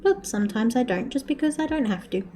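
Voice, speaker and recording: A woman's voice: a little high, expressive, fast talker, mellow, a little hiss or hum. Chatty woman streaming while crocheting. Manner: chatty, swears freely, laughs often, gushes over dogs. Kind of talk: casual live-stream chat while crocheting.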